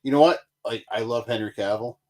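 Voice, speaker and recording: A man co-hosting a casual chat podcast, quick to agree, swearing and humming tunes. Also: mid-range voice, a little mellow. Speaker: podcast co-host.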